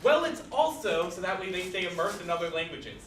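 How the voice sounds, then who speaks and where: A man's voice: high voice, big pitch swings, fairly quick, fairly bright tone. A young man in a student comedy sketch playing a pompous university official who mock-apologizes. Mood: smug. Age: young adult. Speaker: sketch actor. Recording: echoey room, far mic, noisy.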